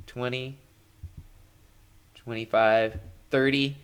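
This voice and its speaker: Guy running a tabletop game on stream, slow, kinda sharp bright voice, goofy jokes. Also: medium pitch, clean tone. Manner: playful, jokey narration with fillers. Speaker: game master.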